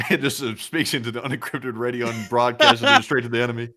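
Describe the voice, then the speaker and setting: A man's voice: medium pitch, lively intonation, quick pace, hardly any pauses, sharp tone. A man co-hosting a war news show, adding dry wisecracking asides in casual commentary. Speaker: co-host.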